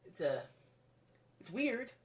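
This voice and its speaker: A woman's voice: fairly high pitch, very animated, slow pace. A woman giving a casual solo review monologue, rambling and drifting into tangents. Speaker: video reviewer.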